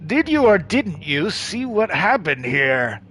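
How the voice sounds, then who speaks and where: Dude doing a snarly threatening thug, high and loud, drags every word out. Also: male voice, big pitch swings, slow, full character voice. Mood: menacing. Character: menacing violent man, quick to threaten.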